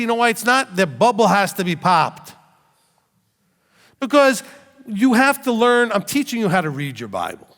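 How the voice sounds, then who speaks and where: His voice sits high and a bit bright, echoing with long hall reverb. A middle-aged rabbi, he teaches scripture at a Bible study in an animated sermon, telling stories, laughing, and posing rhetorical questions.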